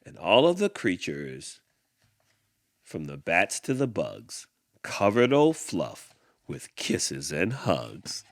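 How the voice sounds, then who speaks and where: A man hosting a podcast, reading a rhyming story and then reflecting, animated and repeating words as he thinks, saying y'all. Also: sits low, slow, vocal fry, no room sound, clean studio sound. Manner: uses y'all. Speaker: podcast host.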